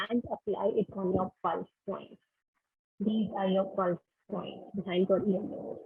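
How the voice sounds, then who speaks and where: A woman's voice: medium pitch, gravelly, slightly rough. Indian woman trainer on a tinny line. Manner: instructive, gives direct tips. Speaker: webinar trainer. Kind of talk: online training lecture. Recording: tinny phone-line webinar audio.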